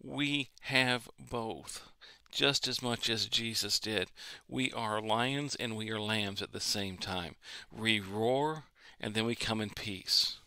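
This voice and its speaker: A man's voice: on the low side, slow, few pauses, bright, forceful tone, smooth, no room sound. A man preaching a sermon in an earnest way, repeating phrases to build emphasis.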